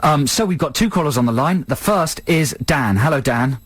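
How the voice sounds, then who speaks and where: Co-host with a husky, expressive, dry-miked voice, teasing. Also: male voice, on the high side, moderate pace, no echo. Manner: joking, playful teasing of callers. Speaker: radio host. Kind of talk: casual radio banter.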